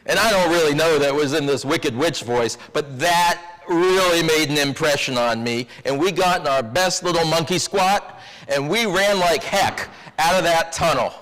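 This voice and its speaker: A man's voice: on the high side, normal speed, a bit bright. A man preaching a sermon as minister, telling a story in a wry, confiding way. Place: church sanctuary. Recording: long church reverb.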